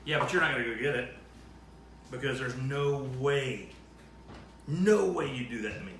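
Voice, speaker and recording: Brief: male cooking-show host, playful and mock-offended, in a roomy kitchen with steady background noise. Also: medium pitch, normal speed. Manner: joking, mock-indignant banter while cooking. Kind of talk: casual cooking demonstration.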